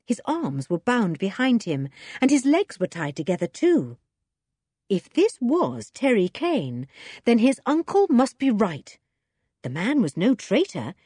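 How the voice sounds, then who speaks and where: A woman narrating a children's adventure story in a lively, expressive reading. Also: fairly high pitch, measured pace, breathy edge, no room sound, studio quality. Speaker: audiobook narrator.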